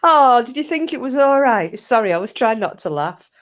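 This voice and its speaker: A woman's voice: a little high, animated, moderate pace. A woman hosting a casual livestream, chatty and giggly, greeting viewers and reading their chat messages aloud with self-mocking humour. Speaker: livestream host.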